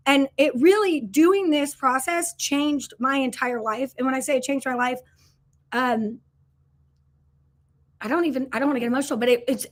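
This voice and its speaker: Earnest, chatty woman with a high voice. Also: fairly bright tone. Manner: chatty and earnest, with frequent fillers and restarts; reads and answers viewer comments. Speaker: business coach hosting a livestream. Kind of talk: casual livestream sales pitch.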